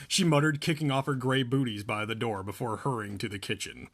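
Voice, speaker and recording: A man's voice: medium pitch, fairly even intonation, brisk. A man co-hosting a podcast, reading a novel aloud and often breaking off to laugh and joke. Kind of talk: casual chat and comic read-aloud.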